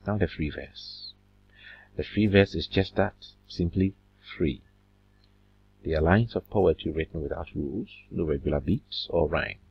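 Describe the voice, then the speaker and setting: A man teaching a literature lesson, slow and deliberate, drawing out words as he counts syllables, with a husky voice. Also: sits low. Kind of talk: recorded classroom lesson. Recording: dull lo-fi recording.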